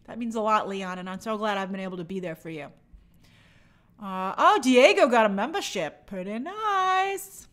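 A woman's voice: medium pitch, lively intonation, normal speed, fairly bright tone. A woman hosting a live stream, reading viewer comments aloud and answering them in a chatty, opinionated way. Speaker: movie channel host answering viewer questions. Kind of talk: casual live-stream chat.

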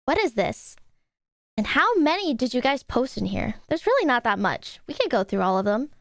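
A woman streamer sits at her desk in a room at home, chatting live with her viewers during a reaction stream. Her high voice swings widely in pitch at a moderate pace with no echo, and she sounds exasperated, swearing freely as she addresses chat.

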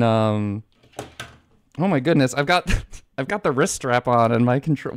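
A man's voice: medium pitch, expressive, unhurried, long pauses, clean tone, dry recording. A man streaming a video game live, rambling casually, swearing often and laughing easily.

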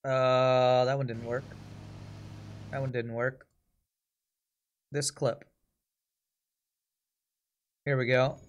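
A man's voice: mid-range voice, little pitch movement, very slow, pauses often, dull audio. A man casually commenting while streaming a video game, thinking aloud and laughing easily.

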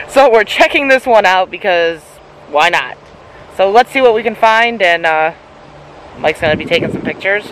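A man's voice: sits high, animated, normal speed, long pauses, a bit bright, slight background noise, rough recording. A man hosting a casual vlog outdoors on a nature trail, easygoing and chuckling often between fillers. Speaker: vlogger.

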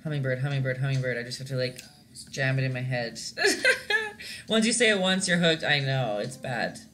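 A young woman from Canada talks viewers through a painting lesson in a loose, rambling way, breaking into giggles. Her voice is bright and clear. Faint music plays behind her. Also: extremely low pitch, very animated, moderate pace. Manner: chatty, giggly, rambling with many fillers. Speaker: painting instructor. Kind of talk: casual live-stream painting lesson.

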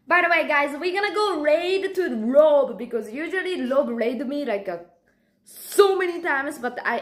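A woman streamer chats casually with her viewers. She sounds giggly and excitable, and her voice sits noticeably high. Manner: giggly and excitable, laughs often. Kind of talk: casual livestream chat.

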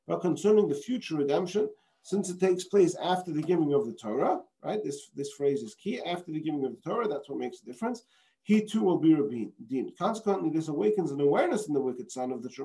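A man's voice: on the high side, warm tone. A man teaching as a rabbi, reading a passage and explaining it with rhetorical questions, Hebrew terms and frequent restarts. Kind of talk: explaining a text.

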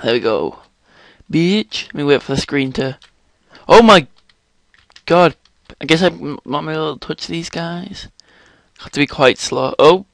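A young man commentating a game he is playing, excitable, exclaiming and swearing often. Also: a little high, dry recording. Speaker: gaming channel host. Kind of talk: let's play commentary.

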